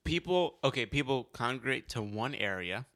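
Dude joking around, medium voice, throwing in dumb sweary bits. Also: male voice, mid-range voice, expressive, moderate pace, fairly bright tone. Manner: joking, riffs with absurd profane bits. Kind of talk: casual chat.

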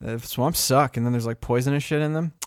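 A man's voice: mid-range voice, fairly quick, no room sound, clean studio sound. A man in casual podcast chat, telling rambling stories full of swearing. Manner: rambling, profane, animated storytelling.

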